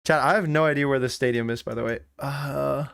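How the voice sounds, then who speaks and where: A young man livestreaming, chatting casually with his viewers, swearing freely and thinking out loud. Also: mid-range voice, fairly even intonation, brisk, creaky, clean tone.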